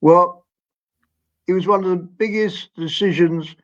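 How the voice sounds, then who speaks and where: A man in his eighties from England, telling stories as a guest in a gentle, rambling way and laughing often. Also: high-pitched, a little slow. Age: 80s. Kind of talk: storytelling interview. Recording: dull lo-fi audio.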